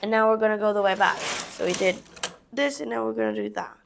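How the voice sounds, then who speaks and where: Background noise accompanies a young crafting vlogger as she briskly talks through her knitting project step by step. Her medium-pitched voice carries vocal fry, and she chats to herself as she works.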